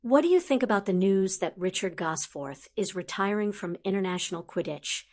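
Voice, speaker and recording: A woman's voice: mid-range voice, lively intonation, normal speed, a little mellow, lightly acted. A woman voicing an amiable teenage boy champion with an easygoing, wry manner.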